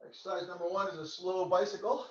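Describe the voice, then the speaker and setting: A male fitness instructor counting slow exercise reps and joking between counts. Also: high-pitched, fairly even intonation, reverberant, recorded from a distance, muffled recording. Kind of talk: counting reps in a workout class.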